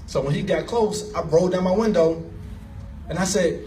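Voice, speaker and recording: A man giving an animated, emotional personal story as a speaker at an event, laughing as he talks. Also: fairly high pitch, normal speed, far from the mic, a little hiss or hum. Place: event hall.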